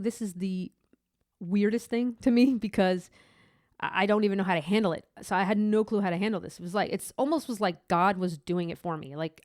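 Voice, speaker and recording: A woman's voice: medium pitch, darkish tone, no room sound, studio quality. A woman hosting a podcast, telling a candid personal faith story in a rambling way with many restarts. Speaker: podcast host.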